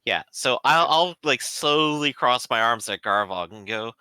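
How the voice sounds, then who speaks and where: A man playing a tabletop game who speaks in a measured, formal way when in character. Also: mid-range voice, animated, bright, forceful tone, clear, resonant tone, dry recording. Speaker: player.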